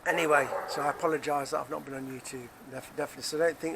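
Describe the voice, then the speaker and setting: A man's voice: a little high, steady tone, very fast, vocal fry, few pauses, noisy background. A man with a Nottingham accent, talking casually and rambling to camera as a vlogger, repeating himself as he goes. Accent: Nottingham English. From England. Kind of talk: casual rambling vlog monologue. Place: outdoors near a car park.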